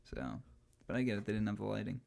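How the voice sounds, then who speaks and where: A man's voice: lowish voice, sing-song, quick pace, gravelly, a little mellow. Chatty male podcast co-host. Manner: chatty, hesitant with fillers, breaks into playful voices. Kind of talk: casual chat about films.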